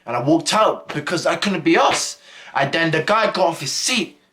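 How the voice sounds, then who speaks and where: A man's voice: on the high side, lively intonation, moderate pace, pushed and bright. A young man telling a school story in a casual, rambling way full of slang and fillers. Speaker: vlogger.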